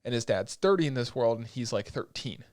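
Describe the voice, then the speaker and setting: A young man co-hosting a podcast, recapping anime in a rambling, excitable way with lots of filler words and swearing. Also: medium pitch, fairly quick, dry recording, studio quality. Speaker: podcast co-host. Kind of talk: casual chat recapping anime episodes.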